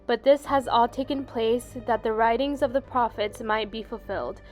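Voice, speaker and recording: A woman reading as a calm, solemn man facing his accusers. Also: a little high, normal speed, faint music behind, lightly acted.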